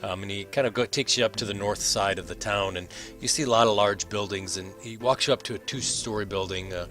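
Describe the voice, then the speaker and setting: A man narrating a tabletop game as game master, rambling with many pauses and fillers. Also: on the low side, a bit bright, soft background music.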